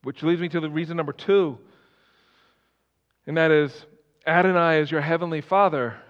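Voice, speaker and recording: A man preaching a sermon as pastor, swinging between loud emphatic lines and soft quiet ones. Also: a little high, clean tone. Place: church sanctuary. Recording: dull sound, long hall reverb.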